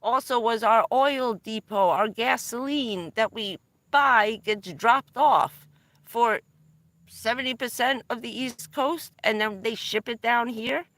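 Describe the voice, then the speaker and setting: A middle-aged woman from New Jersey on a vanlife live stream, talking casually and telling rambling, excitable stories with the odd swear word. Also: on the high side, slow pace. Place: in or around her van.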